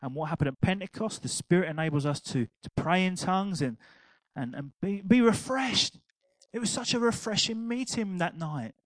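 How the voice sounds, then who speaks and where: Older guy preaching, kinda high voice, laughs through his story, dry close mic. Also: moderate pace, no room sound, poor audio. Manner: animated storytelling, laughing at his own anecdote. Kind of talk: sermon.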